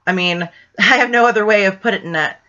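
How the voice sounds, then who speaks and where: A woman ghost hunter telling a rambling, excitable story in a casual vlog, full of fillers. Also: medium pitch, brisk. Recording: dull lo-fi sound.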